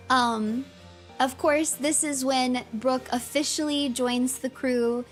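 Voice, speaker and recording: A fairly high-voiced woman gives excitable livestream commentary, gushing and laughing as she talks, with plenty of "like" and "um". Soft music plays quietly behind her. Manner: excitable and gushing, laughs often, many fillers. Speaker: streamer.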